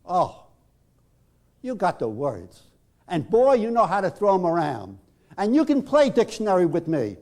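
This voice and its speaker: A loud, brash man hurls sarcastic taunts, as a therapist puts him on. His voice climbs high and swings wildly between bursts. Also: wildly swooping pitch, measured pace, heavily acted. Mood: taunting, angry.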